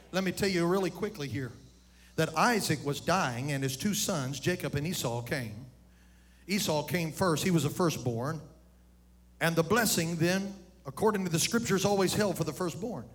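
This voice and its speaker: A man preaching a lively sermon, calling out to the congregation and shouting at his peaks. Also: high voice. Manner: animated, addresses congregation directly, shouts at peaks. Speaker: pastor.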